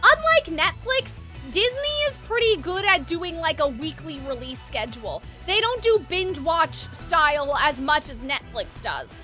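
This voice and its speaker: A woman's voice: very high-pitched, big pitch swings, measured pace, hardly any pauses, sharp tone, soft background music. A woman streaming a game, chatting casually and rambling, with a dry throat.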